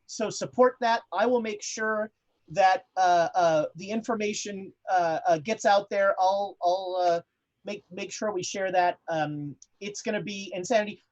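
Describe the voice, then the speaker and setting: A woman's voice: mid-range voice, a little mellow. A woman hosting a tabletop game stream, chatting casually between sessions and stalling often on fillers and restarts. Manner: halting, many fillers and restarts. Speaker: host of the show. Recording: dull lo-fi audio.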